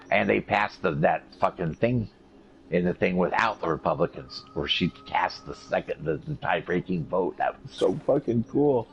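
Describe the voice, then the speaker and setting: A man recovering from surgery, telling profane, animated stories in a casual chat. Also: deep voice, moderate pace, vocal fry. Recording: dull lo-fi recording with faint noise.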